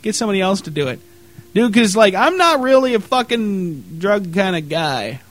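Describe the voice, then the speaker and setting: A man co-hosting a casual podcast, telling stories in a loose, profane, animated way. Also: high-pitched, moderate pace. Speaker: podcast co-host. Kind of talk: casual chat.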